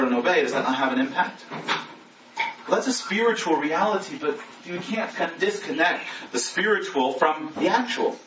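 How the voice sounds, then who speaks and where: A man's voice: a little high, lively intonation, brisk. A man preaching as a pastor in a conversational style, asking the congregation rhetorical questions. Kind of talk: sermon. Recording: roomy echo, distant mic, lo-fi with noise.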